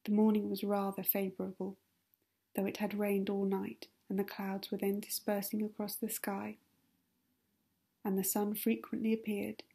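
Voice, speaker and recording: A woman reading a classic novel aloud as calm, soothing ASMR narration. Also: medium pitch, moderate pace, gravelly, slightly rough. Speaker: audiobook reader.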